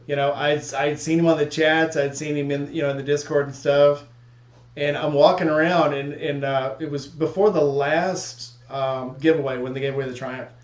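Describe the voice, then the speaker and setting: A man in casual chat, telling stories in an animated way and acting out the voices he quotes. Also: a little high, normal speed. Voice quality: bald. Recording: echoey room.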